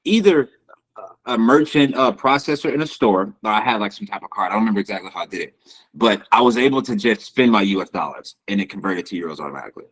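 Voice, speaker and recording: A young man co-hosting a podcast, talking casually in slangy, animated speech. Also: lowish voice, quick pace, slightly rough, poor audio. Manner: slangy, animated, says bro a lot. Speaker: podcast co-host. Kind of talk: casual chat.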